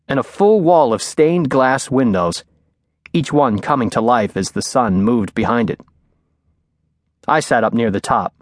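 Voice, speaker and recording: A man reading a thriller audiobook aloud in a measured, clear storytelling manner, recorded on a studio microphone. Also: mid-range voice, no echo. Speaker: audiobook narrator. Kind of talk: scripted narration.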